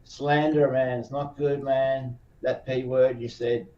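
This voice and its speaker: A man's voice: medium pitch, level tone, slow pace, mellow, lo-fi sound. A man on a live panel chat, bluntly scolding and often trailing off mid-sentence. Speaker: panel guest.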